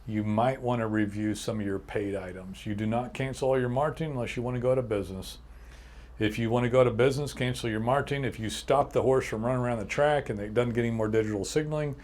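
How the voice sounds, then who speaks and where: A man hosting a casual business podcast, talking bluntly and emphatically in quick bursts. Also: mid-range voice, a little mellow. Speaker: podcast host and agency owner.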